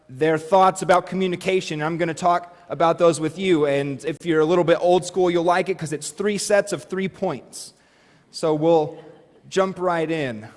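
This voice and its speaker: A man in his thirties giving a conversational sermon, stressing words for emphasis. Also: on the high side. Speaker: preacher. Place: church sanctuary. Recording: long reverb of a church hall.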